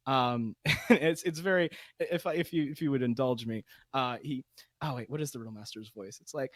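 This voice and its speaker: A man in a casual podcast chat about running tabletop games. He laughs a lot and restarts his sentences. His voice sits at a middle pitch and sounds dry and close. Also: no echo. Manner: laughs often, halting with many restarts. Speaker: guest Dungeon Master.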